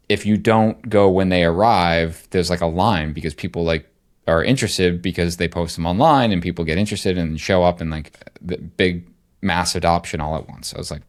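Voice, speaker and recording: Man, low pitched, middle-aged, chatty storyteller, podcast co-host. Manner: rambling, animated storyteller. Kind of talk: casual storytelling chat.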